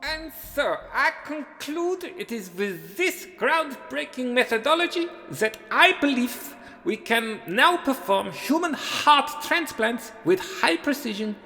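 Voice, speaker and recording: Man doing a high, bright put-on Swiss surgeon, slow and lofty, reverb on the voice. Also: animated, faint music behind, heavily acted. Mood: formal. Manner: stiff and formal, then petty mockery. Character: pompous Swiss male surgeon with a heavy accent.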